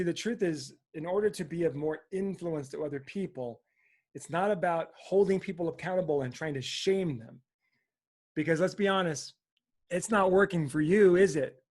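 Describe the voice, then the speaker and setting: An enthusiastic male coach speaks straight to his viewers, pushing them to grow. His voice sits high for a man, and he keeps tossing in "right?" as he builds up steam. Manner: energetic, fired up, frequent "right?". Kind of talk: motivational talk to camera.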